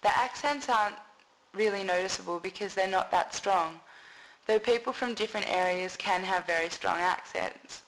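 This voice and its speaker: A woman from Australia with an Australian accent, giving a prepared talk and reading it aloud at a slow, careful pace. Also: medium pitch, fairly bright tone, poor audio.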